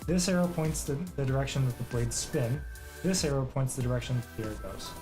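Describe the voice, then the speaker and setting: A man's voice: mid-range voice, a little fast. A man on a casual livestream, patiently explaining how to set up computer parts while chuckling now and then. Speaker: streamer helping with a PC build. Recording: music playing behind.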